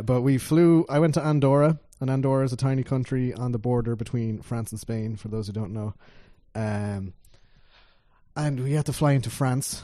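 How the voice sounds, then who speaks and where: Animated Irish man, mellow dry voice. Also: mid-range voice, dry recording. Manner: animated storyteller who swears for emphasis. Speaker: podcast co-host. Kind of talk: casual chat.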